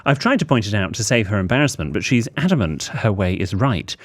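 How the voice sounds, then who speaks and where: Podcast co-host: man, low voice with lively melody, dry and arch. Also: fairly quick. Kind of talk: casual chat and reading a listener's letter.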